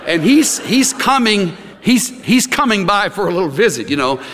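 Middle-aged male pastor, fairly high and very lively delivery, animated storyteller, big hall echo. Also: moderate pace. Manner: animated, acts out quotes with gasps and laughs. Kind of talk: sermon.

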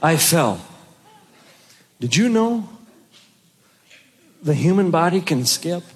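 A man performing a stand-up comedy routine, telling stories in an animated way with bursts of shouting. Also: on the high side, slow. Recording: noisy recording.

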